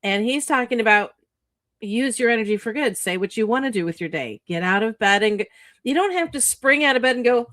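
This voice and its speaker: Animated woman giving a profane pep talk. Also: fairly high pitch, normal speed, no room sound. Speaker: co-host, author. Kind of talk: casual motivational chat.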